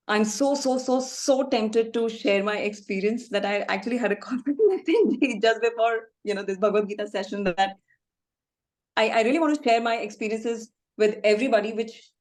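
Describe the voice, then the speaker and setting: A woman tells a personal story in a loose, chatty style. Her pitch sits in the middle of the range, and she laughs often and fills gaps with "you know". The sound comes through a video call. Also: a little mellow. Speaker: class participant sharing testimony.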